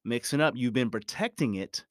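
A man's voice: medium pitch, lively intonation, moderate pace, no echo, clean studio sound. A man giving a motivational talk, speaking emphatically and repeating his key phrases. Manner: repetitive, emphatic, preachy.

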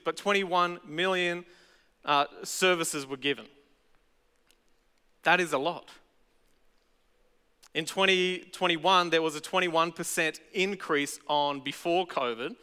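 Australian male pastor, high clear voice, casual sermon delivery, echoey hall sound. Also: sharp tone. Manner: conversational, chatty with casual asides.

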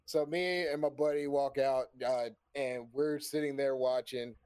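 Unhurried and clean in tone, a man's mid-range voice carries a long, casual story on a stream. He swears without restraint, stays animated, and laughs a lot.

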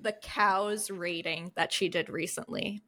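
A woman hosting a casual podcast chat, relaxed and supportive with short replies. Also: on the low side, a little slow. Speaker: podcast host.

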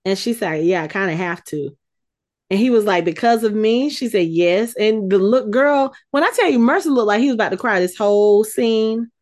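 A woman co-hosting a casual chat, retelling a scene with lively, acted-out quotes. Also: medium pitch, normal speed. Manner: animated storytelling, acts out quotes. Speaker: podcast co-host recapping a TV episode.

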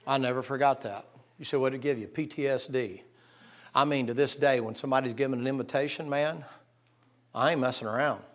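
A middle-aged man preaching a sermon, telling folksy stories and acting out voices, swinging from hushed to loud. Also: mid-range voice, fairly quick. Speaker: pastor.

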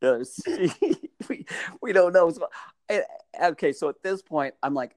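A man telling stories in casual chat, animated and often laughing. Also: on the high side, unhurried, no echo, clean studio sound. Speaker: storyteller.

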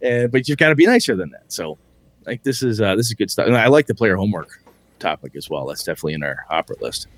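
A man's voice: fairly low pitch, expressive, fast, no room sound. A man hosting a casual podcast about tabletop gaming, talking candidly, swearing freely and laughing often. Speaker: podcast host.

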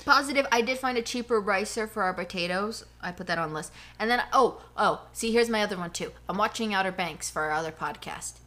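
A woman's voice: mid-range voice, quick pace, hardly any pauses, bright, forceful tone. A woman co-hosting a casual podcast at home, ranting animatedly about her day and her dogs. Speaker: podcast co-host. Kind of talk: casual chat. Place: home living room.

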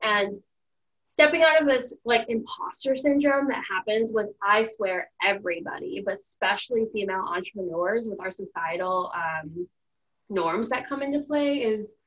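A woman's voice: medium pitch, moderate pace, a bit bright, rough recording. A young woman hosting a podcast, speaking as a mindset coach in casual chat. She talks in a chatty, emotional way, her sentences full of "like" and restarts. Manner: chatty, heavy use of "like", emotional.

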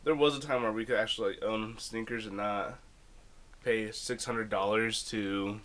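A man's voice: lowish voice, steady tone, normal speed, fairly bright tone. A young man co-hosting a podcast, chatting casually and ranting in a loose, grumbling way. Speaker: podcast co-host. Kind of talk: casual chat.

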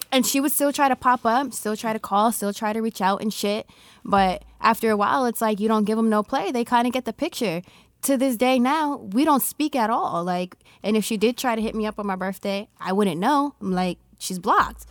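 A woman's voice: fairly high pitch, moderate pace, dry recording. A woman co-hosting a casual chat, blunt and argumentative, swearing freely. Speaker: podcast co-host.

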